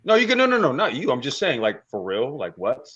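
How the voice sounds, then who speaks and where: A man who is a guest on a casual panel chat, talking in an animated, profane way and repeating himself. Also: mid-range voice, a little fast, crowd noise. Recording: lo-fi remote audio.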